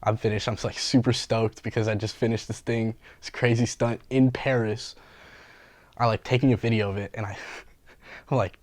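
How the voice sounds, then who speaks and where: A young Bay Area graffiti artist and painter tells stories in a casual interview, animated and slangy, swearing and laughing often. His voice is fairly low-pitched at a normal speed, with no echo.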